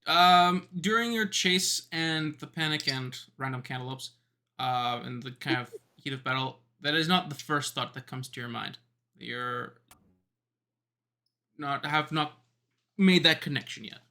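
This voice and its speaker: A man narrating as game master of a tabletop game, halting and pausing with many ums. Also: fairly high pitch, sharp tone. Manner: hesitant, many ums and pauses.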